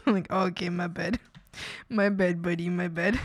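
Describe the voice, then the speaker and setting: A woman streaming while she works on art, telling stories in a casual, animated way, acting out quotes and laughing often. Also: fairly low pitch, normal speed, no echo, clean studio sound. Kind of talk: casual chat while drawing.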